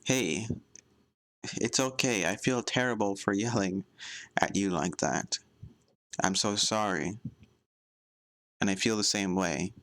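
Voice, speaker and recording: A man voicing a remorseful young male cartoon cat who speaks softly and apologetically. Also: fairly low pitch, no room sound. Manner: soft, apologetic, comforting.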